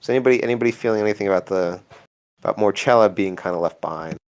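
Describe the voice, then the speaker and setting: A man runs a tabletop game in a relaxed, low voice. He meanders playfully and fills pauses with ums. He teases his players as he narrates. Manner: playful, rambling, many fillers. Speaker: game master.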